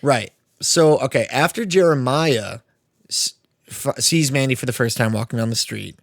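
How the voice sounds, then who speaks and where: A young man talks casually on a podcast, rambling through his thoughts with lots of fillers and the odd curse. His voice sits in a middle pitch. The sound is dry and close, with no room around it. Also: moderate pace, creaky, no room sound. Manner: rambling, filler-heavy, swearing. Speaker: podcast co-host. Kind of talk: casual chat about movies.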